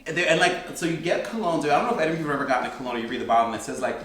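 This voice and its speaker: A man's voice: fairly high pitch, lively intonation, racing, fairly bright tone, soft background music. A man co-hosting a kids' livestream, chatting playfully and laughing often. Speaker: co-host. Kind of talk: casual chat. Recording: very echoey room.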